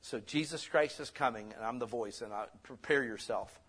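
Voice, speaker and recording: A man preaching a sermon as pastor, conversational and lively, swinging between loud bursts and soft asides. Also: medium pitch, moderate pace, breathy edge.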